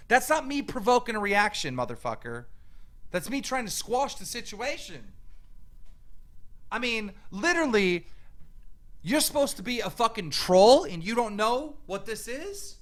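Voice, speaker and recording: A man's voice: high voice, big pitch swings, moderate pace, fairly bright tone. A man ranting angrily and profanely, mocking the person he answers. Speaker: YouTube commentator. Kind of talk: heated rant.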